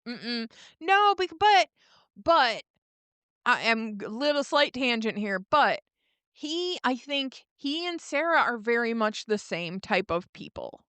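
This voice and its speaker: A woman co-hosting a podcast, retelling a show's scenes in a lively, laughing way. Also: on the high side, takes it slowly, clear, resonant tone, no room sound. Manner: animated retelling with laughs and quoted lines. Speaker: podcast co-host. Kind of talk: casual recap chat.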